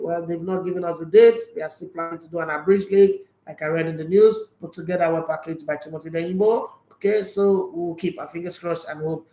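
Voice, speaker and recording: A man with a Nigerian English accent hosting a sports show, reading viewer comments aloud and answering them in a husky, tired voice. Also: on the high side, a little mellow, echoey room, poor audio. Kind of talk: casual sports chat.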